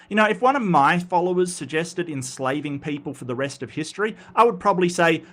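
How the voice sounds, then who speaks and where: A man's voice: on the high side, fairly bright tone. An Australian man hosting a live commentary stream, reading chat comments and answering them. He talks bluntly and wryly, often restarting his sentences. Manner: halting, many restarts, blunt and wry.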